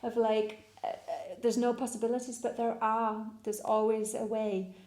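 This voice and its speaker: A woman's voice: a little high, little pitch movement, normal speed, a little mellow, reverberant. A woman co-hosting a casual conversation, speaking encouragingly and backing up her partner with frequent agreeing murmurs. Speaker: co-host.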